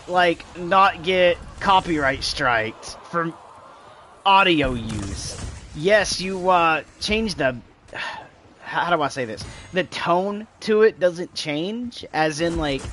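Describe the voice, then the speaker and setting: A man's voice: fairly high pitch, a bit bright, a little hiss or hum. A man streaming a shooter game, chatting casually to his viewers and imitating game sounds as he explains. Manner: rambling, talks to chat, imitates sounds. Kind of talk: casual gameplay commentary.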